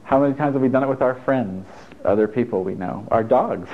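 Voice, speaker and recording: A man's voice: medium pitch, a little fast. A man, a therapist, talking a group through a workshop in a chatty, encouraging way with joking asides. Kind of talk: live workshop talk to a group. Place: stuffy indoor room with an audience. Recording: tinny phone-like lo-fi recording.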